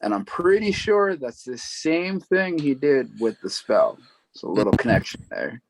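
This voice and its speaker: A man's voice: mid-range voice, very animated, a little slow, gravelly, dry recording, rough recording. A young man co-hosting a podcast, chatting loosely with lots of likes and ums. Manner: loose, filler-heavy talk. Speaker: podcast co-host. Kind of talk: casual chat.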